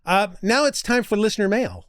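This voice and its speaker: A man's voice: high voice, wildly swooping pitch, a little fast, no echo. A man hosting a podcast in casual interview chat, giving short agreeing interjections and dry jokes. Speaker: podcast host.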